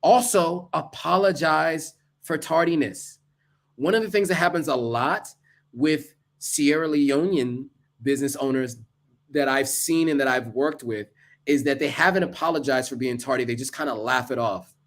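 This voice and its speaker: A man's voice: mid-range voice, normal speed. A man giving earnest, casual advice to camera, listing tips with asides along the way. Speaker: vlogger.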